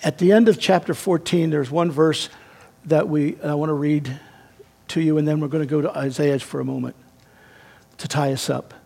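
Gravelly-voiced male preacher. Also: on the high side, fairly even intonation, normal speed. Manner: emphatic, swings between raised and hushed delivery. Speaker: pastor. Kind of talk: sermon.

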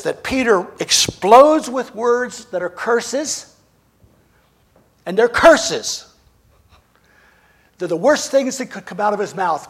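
A man preaching a sermon in a dramatic way, swinging between emphatic lines and hushed ones. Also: high voice, breathy edge.

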